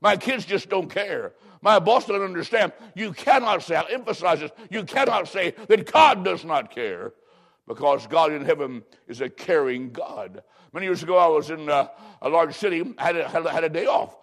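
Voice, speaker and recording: A man's voice: fairly high pitch, normal speed. A man from Illinois preaching a sermon, reading scripture solemnly and stretching out words for dramatic emphasis. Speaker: pastor.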